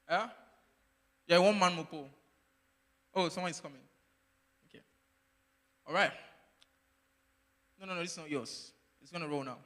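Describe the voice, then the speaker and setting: A man's voice: sits high, a little fast, pauses often. Teasing man hosting a quiz. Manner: teasing, animated, laughs often. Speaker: quiz game host at a workshop. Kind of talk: playful live quiz hosting. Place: event hall. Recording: long hall reverb.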